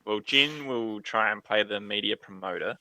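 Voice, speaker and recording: A man playing a tabletop game, animated and laughing as he hustles in character. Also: fairly low pitch, normal speed, crowd noise. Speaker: player.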